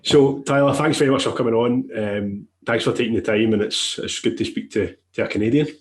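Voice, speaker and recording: A man with a Scottish accent hosting a podcast interview, friendly and quick to laugh. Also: mid-range voice. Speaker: podcast host. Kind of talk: casual interview chat.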